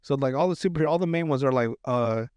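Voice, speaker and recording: A man's voice: medium pitch, very fast, a little mellow, smooth, no room sound, dull audio. A man hosting a podcast, casually recapping a TV episode, rambling with lots of fillers and restarts. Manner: rambling with many fillers and restarts, laughs often. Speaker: podcast host.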